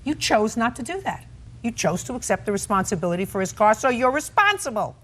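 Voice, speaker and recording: A woman's voice: on the high side, sing-song, fairly quick, fairly bright tone. An older woman presiding as a television judge, questioning litigants bluntly and cutting them off. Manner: blunt, cutting, interrupts often. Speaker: TV courtroom judge. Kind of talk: stern courtroom questioning. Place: TV courtroom set.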